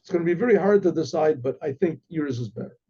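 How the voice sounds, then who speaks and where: Stately king guy talking big, a man doing the voice, kinda husky and dull sounding. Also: fairly high pitch, animated, fast, dark tone. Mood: admiring. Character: grand, easily stirred male king.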